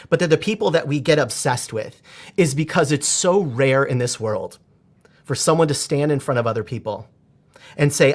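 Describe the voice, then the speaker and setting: A man in his forties, a performance coach, talking as a podcast guest in an animated, expressive way with frequent restarts. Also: a little high, normal speed. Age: 40s. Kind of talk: conversational podcast interview.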